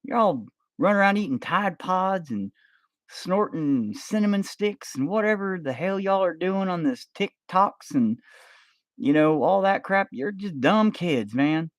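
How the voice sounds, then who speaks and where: A man playing a cranky old grandpa, pitched up high. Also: animated, a little slow, no room sound. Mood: scornful. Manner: cranky, dismissive, then tender. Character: grumpy blunt old grandpa, secretly soft.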